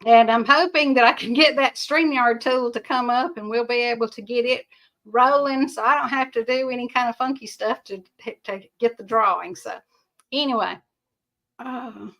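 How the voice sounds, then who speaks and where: A woman's voice: a little high, normal speed, fairly bright tone. An older woman, hosting a rambling livestream, chatting casually and answering viewer comments in a folksy way. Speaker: livestream host.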